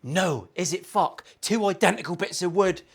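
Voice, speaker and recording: A man's voice: sits high, normal speed, breathy edge. A man, a guitar maker and channel host, ranting bluntly and profanely in a casual opinion vlog from his workshop.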